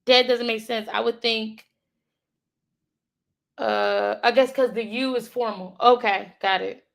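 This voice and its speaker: A woman works through a beginner lesson by thinking out loud. Her voice is gravelly and fairly high, and she talks slowly, musing and repeating words to herself. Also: steady tone. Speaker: learner. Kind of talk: thinking aloud while studying.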